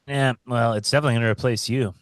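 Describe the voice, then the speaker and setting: A man's voice: medium pitch, fairly even intonation, rapid-fire, no room sound. A man co-hosting a podcast in casual chat, telling rambling stories and laughing often. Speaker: podcast co-host.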